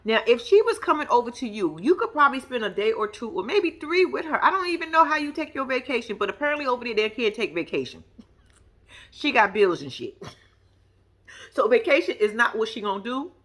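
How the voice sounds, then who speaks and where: A woman's voice: fairly high pitch, very animated, fairly quick, a bit bright. A woman casually recapping a reality show, chatty, blunt and profane, laughing often.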